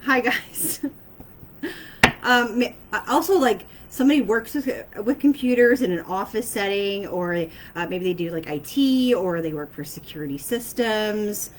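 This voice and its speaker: A woman's voice: mid-range voice, unhurried, slight background noise, low-quality recording. A woman speaking casually to her viewers as an intuitive reader, hesitant, with many fillers and checks of "okay?". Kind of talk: casual spoken message to camera.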